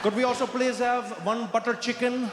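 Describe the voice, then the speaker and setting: A man's voice: extremely high pitch, steady tone, fairly quick, crowd noise, pitched above the performer's own voice. A man voicing a showy man who orders in an exaggerated Indian accent, drawing out and over-enunciating every word. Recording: echoey stage with audience noise.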